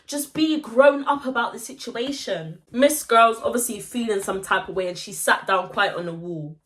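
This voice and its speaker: Young woman vlogger, high and bright, animated slang storytelling. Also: normal speed. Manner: animated, slangy retelling with quoted voices. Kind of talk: story time vlog.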